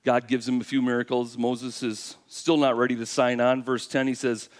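Animated preacher man telling a Bible story. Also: medium pitch, moderate pace. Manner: animated storytelling, acting out God's and Moses' lines, asks the audience questions. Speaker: pastor. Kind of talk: sermon.

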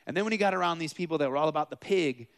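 A man in his thirties or forties preaching a casual, animated sermon, acting out the figures in his stories with asides to the room. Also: a little high, rapid-fire. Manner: animated, acts out quoted figures, self-deprecating asides.

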